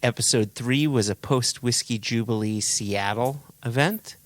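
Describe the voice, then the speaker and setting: A man's voice: medium pitch, unhurried. A man co-hosting a podcast, teasing wryly in casual chat. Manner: wry, teasing. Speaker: podcast co-host.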